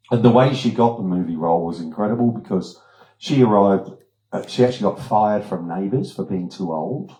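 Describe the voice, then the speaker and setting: An older man with an Australian accent telling anecdotes as a guest speaker, animatedly acting out voices, in an echoey room. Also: sits low. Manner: animated storyteller, acts out voices. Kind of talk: anecdotal presentation. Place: wellness retreat room.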